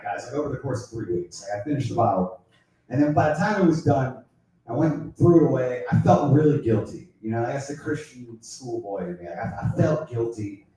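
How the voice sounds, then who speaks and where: Rambling stand-up comedian, echoey and distant. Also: male voice, mid-range voice, a little mellow. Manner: rambling, filler-heavy, crude storytelling. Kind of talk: stand-up set. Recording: echoey room from far off.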